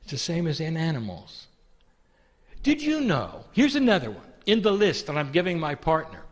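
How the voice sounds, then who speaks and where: A man giving a channeled spiritual teaching, calling listeners "dear one" and asking rhetorical questions in a soft, deliberate way. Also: on the high side, big pitch swings, in a large hall.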